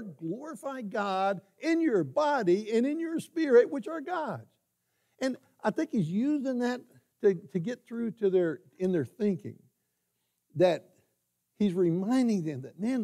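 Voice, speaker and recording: Animated preaching man, high lively voice. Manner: animated preaching, voice leaps up on emphasis. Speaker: pastor. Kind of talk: sermon. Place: church sanctuary.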